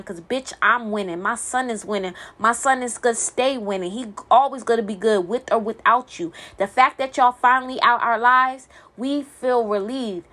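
A woman's voice: a little high, bright, forceful tone. A single mother venting in a blunt, profane monologue, stumbling and repeating words when heated.

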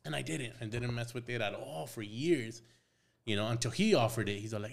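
A man's voice: medium pitch, brisk, creaky. Young tattoo guy on a podcast, chill, swears constantly, does little voices for what people said. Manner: laid-back, swears a lot, acts out quotes. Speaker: podcast guest, tattoo artist. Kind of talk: casual storytelling chat.

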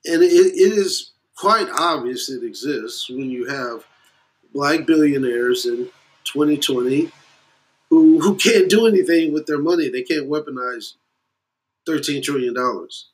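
A man of West Indian heritage delivering a blunt, profane opinion rant, with loud emphatic bursts and muttered asides. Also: fairly high pitch, unhurried. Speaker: commentator.

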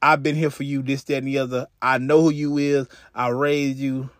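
A man's voice: mid-range voice, little pitch movement, normal speed, no room sound, clean studio sound, pitched below the performer's own voice, close to an everyday voice. A man quoting a weary, exasperated father who curses while pushing back in an argument. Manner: exasperated, profane.

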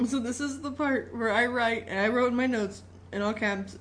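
A woman co-hosting a podcast, animated and laughing as she recaps a movie in casual chat, swearing freely along the way. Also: on the high side, moderate pace. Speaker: podcast co-host.

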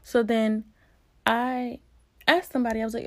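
A woman in her early twenties from Virginia, vlogging a casual storytime with an animated, expressive delivery. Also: fairly high pitch, measured pace, dry recording. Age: early 20s.

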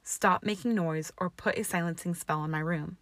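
A woman's voice: lowish voice, moderate pace, a bit bright, no echo. A woman voicing a tall, arrogant young man who sneers and growls his lines. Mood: sneering. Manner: growling, snarling.

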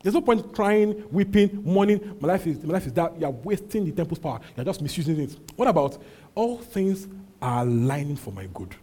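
A man preaching a sermon as pastor, his voice husky and mellow, pitched a little high for a man. He presses his points by repeating them, rising to loud calls and dropping to low, slow asides. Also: big pitch swings.

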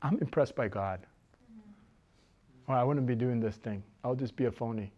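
A middle-aged woman pastor with a bass voice and a breathy edge preaches at a moderate pace, captured in lo-fi sound. She is animated, moving between loud exhortation and quiet intensity and laughing often.

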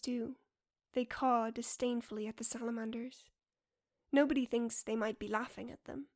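A woman narrating a story in a soft, quiet and measured voice, sometimes dropping near a whisper. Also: on the high side. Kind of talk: storybook reading.

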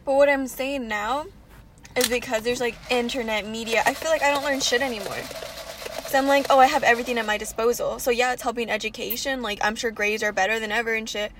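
A woman's voice: a little high, fairly even intonation, a little fast, background noise. A young woman co-hosting a podcast in casual chat, talking in a valley-girl way and swearing offhandedly. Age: young adult. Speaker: podcast co-host.

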